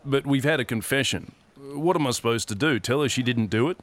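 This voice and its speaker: A man voicing a distracted police sergeant who rumbles slowly and absently. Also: close to an everyday voice. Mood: weary. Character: absent-minded, unbothered middle-aged male police sergeant. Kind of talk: audiobook character voice. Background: guitar music.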